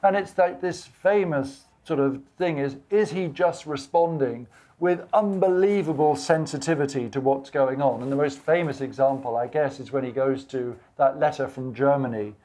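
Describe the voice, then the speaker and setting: A man's voice: medium pitch, moderate pace, mellow. A man talking about books at a live bookshop event, rambling with many fillers, restarts and quoted asides. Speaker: guest author. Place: bookshop event before an audience.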